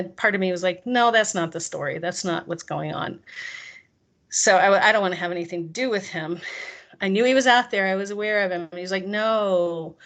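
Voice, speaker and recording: A woman, a guest on an interview show, telling a personal story and acting out the quoted lines of the people in it. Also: medium pitch. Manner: animated, acts out quoted dialogue.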